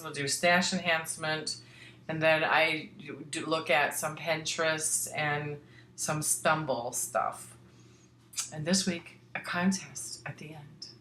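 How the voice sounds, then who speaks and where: A chatty middle-aged woman from Missouri hosts her crafting podcast, wandering from one point to the next and restarting her sentences. Her voice sits low, and the echoey room gives it a hollow ring. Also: a bit bright. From Missouri, United States. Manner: chatty, rambling, with frequent restarts. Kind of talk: casual chat.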